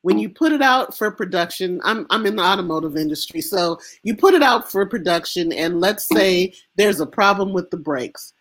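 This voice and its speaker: An American woman speaking as an interview guest, impassioned and emphatic, with halting restarts. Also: medium pitch, animated. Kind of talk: emotional interview conversation.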